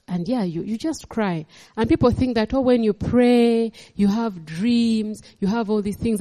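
A middle-aged woman preaching a sermon, animated and laughing as she tells stories from her own life. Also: on the high side, long reverb tail. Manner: animated, laughing, code-switching storyteller.

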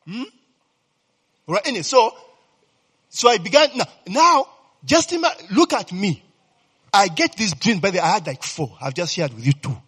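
A man preaching with a lively, swinging delivery, his voice sitting a bit higher than most and carrying a husky edge. He keeps asking his listeners whether they follow. The sound rings out with a long hall reverb. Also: moderate pace, pauses often. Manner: animated, repeatedly asks "you understand, eh?". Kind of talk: sermon.

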